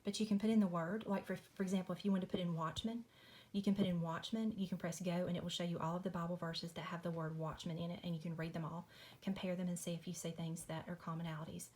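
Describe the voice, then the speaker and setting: A woman's voice: fairly low pitch, level tone, fast, few pauses, a little mellow. A woman, chatting casually through a Bible study at home at night, apologetic and friendly, saying y'all. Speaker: Christian video host.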